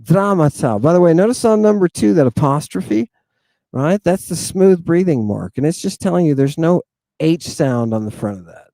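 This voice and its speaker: A man teaching a lesson in a casual, animated way, often asking "right?" and calling his listeners "people". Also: fairly high pitch, moderate pace, creaky, dry recording. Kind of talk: informal lesson.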